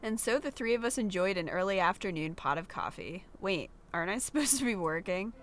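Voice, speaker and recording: A woman's voice: medium pitch, lively intonation, brisk, a little hiss or hum. A woman hosting a let's play, reading the game text aloud with playful, giggly banter.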